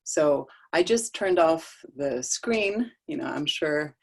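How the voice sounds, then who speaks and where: A middle-aged woman with a notably low voice talks about parenting over a video call. She tells stories conversationally, laughing often and restarting her sentences. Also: expressive, slow pace, creaky. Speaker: guest speaker on child development. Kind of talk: casual talk on a video call. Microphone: video call microphone.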